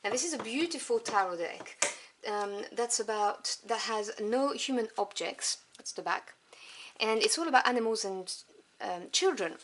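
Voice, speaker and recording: A woman whose first language is French, reviewing tarot cards one by one. She lists each card softly and without hurry, adding fond little asides. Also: a little high, expressive, a little hiss or hum. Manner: soft, unhurried listing with fond asides.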